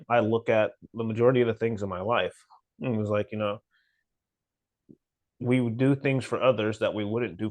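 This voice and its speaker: A man co-hosting a podcast, talking bluntly and preachily about discipline, breaking into animated mocking asides. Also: lowish voice, dry recording. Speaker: podcast co-host. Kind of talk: casual motivational chat.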